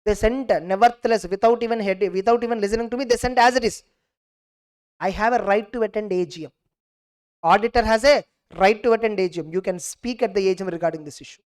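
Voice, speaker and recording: This young female teacher talks fast at a medium pitch during an animated exam review. She acts out both sides of each case, pausing to ask the class "clear?"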